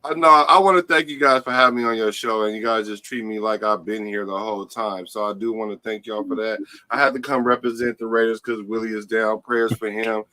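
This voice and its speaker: A man's voice: lowish voice, steady tone, brisk, few pauses, pushed and bright. A man joining a podcast as a guest panelist, talking in a laid-back, joking way. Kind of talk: casual podcast chat.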